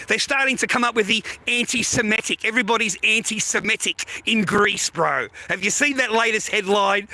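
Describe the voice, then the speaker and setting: A man's voice: high voice, vocal fry, pushed and bright, rough recording. A man delivering an angry, profane ranting monologue, repeating himself and tagging lines with mate and bro. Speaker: vlogger.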